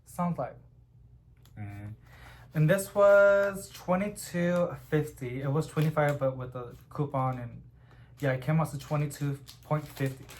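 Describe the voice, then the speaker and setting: A young man chatting casually at home about plants he is unboxing, rambling and getting excited as he goes. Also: fairly high pitch, a little hiss or hum. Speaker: plant vlogger.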